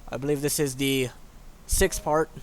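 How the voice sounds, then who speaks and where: A man's voice: mid-range voice, steady tone, normal speed. A man hosting a let's play, giving casual, rambling commentary full of swearing. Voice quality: profane, rambling, offhand. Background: game music.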